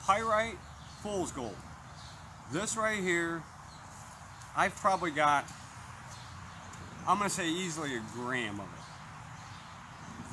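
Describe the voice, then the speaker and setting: A man reviewing a metal detector outdoors, casually calling out each tone as he tests coins and metals. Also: a little high. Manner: plainspoken, calls out tones as he tests. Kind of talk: casual product demonstration. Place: outdoors in a yard. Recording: outdoor noise behind the voice.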